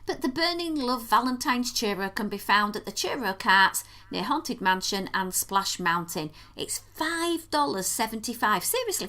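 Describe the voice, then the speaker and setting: British woman, podcast co-host, bright tense voice, slightly high, playful and emphatic. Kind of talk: casual chat.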